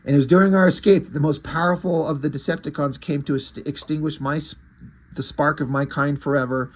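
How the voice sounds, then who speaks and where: A man's voice: a little high, steady tone, fairly quick, lightly acted. A man voicing a noble male robot leader in an earnest, formal way while retelling a comic.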